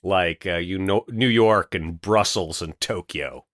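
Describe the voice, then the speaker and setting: Man, lowish voice, dry close sound, chatty and laughing. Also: measured pace, no echo. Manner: animated, laughing banter. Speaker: podcast co-host. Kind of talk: casual podcast chat.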